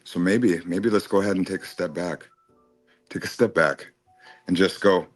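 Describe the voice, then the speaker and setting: A man's voice: deep voice, moderate pace, no room sound, faint music behind. A man in a heated, casual stream chat, taunting and swearing at another panelist. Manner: profane, taunting, confrontational.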